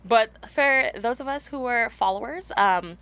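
A woman's voice: a little high, lively intonation, unhurried, a bit bright, dry recording. A woman with a Nigerian accent co-hosting a podcast, joking and mock-stern with listeners. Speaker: podcast co-host. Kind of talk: casual chat.

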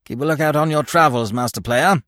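A man voicing a gruff, brusque sergeant of the mounted police. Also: on the high side, brisk, fairly bright tone, dry recording, studio quality, pitched above the performer's own voice, natural voice. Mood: businesslike.

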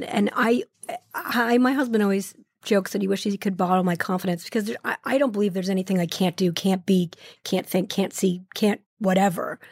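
A middle-aged woman guest in a podcast interview, talking fast and effusively and repeating words for emphasis. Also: medium pitch, no echo, clean studio sound. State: tearful, choked up.

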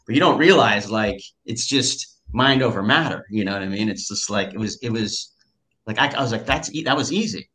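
Bright-voiced man telling a story. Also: fairly low pitch, brisk. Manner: animated, repeats himself, many fillers and restarts. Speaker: guest telling a personal story. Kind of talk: casual storytelling.

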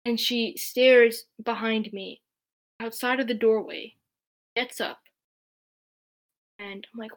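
A woman's voice: on the high side, steady tone, takes it slowly, pauses often. A woman telling a personal story in a casual, chatty way, with many fillers. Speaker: podcast guest.

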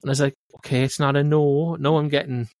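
A man's voice: a little high, fast talker, no echo, studio quality. A man with a Cork Irish accent, co-hosting a podcast and telling a long anecdote, padding it with "like, you know.". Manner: animated anecdote with lots of filler "like, you know". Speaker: podcast co-host. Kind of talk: casual storytelling chat.

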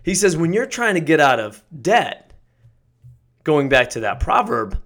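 Energetic motivational male podcast host. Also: a little high, a little slow. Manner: energetic, emphatic, builds to excited shouts.

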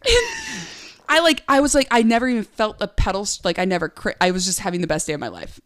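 A woman's voice: medium pitch, lively intonation, fast talker, a bit bright, no echo, studio quality. A woman in her thirties, a guest on a podcast, telling race stories in a bubbly way, laughing often and acting out what people said. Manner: bubbly, laughing, acts out quotes. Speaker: guest, pro gravel cyclist. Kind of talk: casual interview storytelling.

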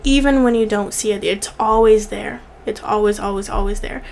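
A young woman vlogger offers heartfelt encouragement directly to the camera, repeating words for emphasis and sometimes growing tearful. Her medium-pitched voice is gravelly and darkish, at a normal speed, with a little hiss or hum in the recording.

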